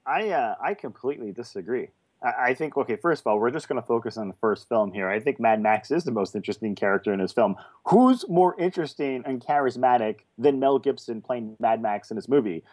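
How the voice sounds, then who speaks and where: A man co-hosting a podcast, arguing his view on a film in a casual, animated way. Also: medium pitch, brisk. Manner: animated, opinionated. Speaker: podcast co-host.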